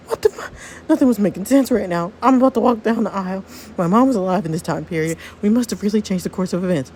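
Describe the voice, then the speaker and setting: A woman narrating a life-sim game story in a reflective, animated manner. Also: medium pitch, fast, a little hiss or hum.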